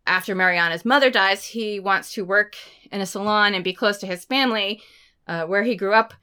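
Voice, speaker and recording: A woman co-hosting a book podcast, chatting casually and talking about books in an excited, expressive way. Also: medium pitch, fairly quick, smooth. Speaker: podcast co-host.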